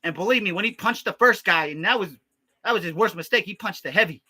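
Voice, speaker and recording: Young guy, crude improv storyteller, heavy cursing, rambling, bright tense edge to the voice. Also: high voice, quick pace. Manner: crude, rambling, heavy profanity, constant filler "man". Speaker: comedy vlogger.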